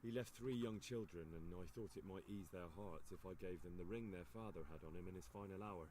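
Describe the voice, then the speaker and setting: Male actor as a deep-voiced young game character talking his way to a ring; faint game audio, noisy. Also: brisk, darkish tone, natural voice. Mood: persuasive. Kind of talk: game dialogue.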